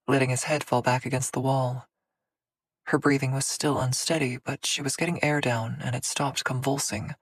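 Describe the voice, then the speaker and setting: A woman narrating a fantasy audiobook in a measured, dramatic storytelling manner. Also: very deep voice, steady tone, no room sound. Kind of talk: scripted narration.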